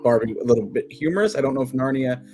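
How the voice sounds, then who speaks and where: A man co-hosting a livestream, reading out film news in a relaxed, easygoing way. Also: medium pitch, quick pace, faint music behind. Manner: easygoing, reads headlines. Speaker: co-host. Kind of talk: casual movie news chat.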